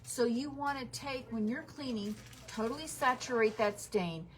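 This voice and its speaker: A woman's voice: a little high, normal speed. A middle-aged woman, hosting a home-advice radio show in a chatty, practical, down-to-earth way. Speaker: hardware store radio show host.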